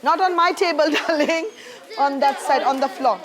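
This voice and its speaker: A woman teaching a primary school science lesson in a classroom. Her voice sits high and she keeps the children on task, praising them warmly and calling them darling. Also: moderate pace, crowd noise. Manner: encouraging, calls pupils darling.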